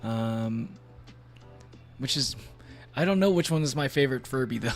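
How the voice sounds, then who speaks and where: Male VTuber streamer, mid-pitched, rambling casual game chat with frequent laughs. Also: animated, moderate pace, faint music behind. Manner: rambling, filler-heavy, laughs often.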